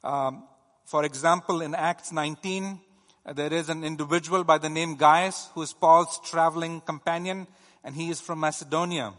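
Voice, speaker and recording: A man preaching in a bright, fairly high voice. He teaches steadily and often pauses on "uh". His voice rings with long reverb. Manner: teaching, steady, with frequent "uh" fillers. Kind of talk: sermon.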